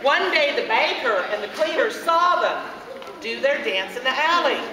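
A woman telling a made-up children's story in an expressive, sing-song way. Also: high-pitched, moderate pace. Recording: echoey room, distant camera mic, background noise.

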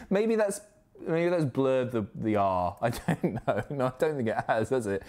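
A man from the Isle of Wight, chatting casually and excitably on a live stream, swearing often. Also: medium pitch, normal speed. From Isle of Wight, England. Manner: excitable, sweary, reads chat aloud.

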